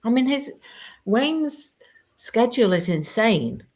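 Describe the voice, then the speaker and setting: A woman, chatting lively as an interviewer on a live stream. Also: a little high. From United Kingdom. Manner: chatty, lively, quick asides.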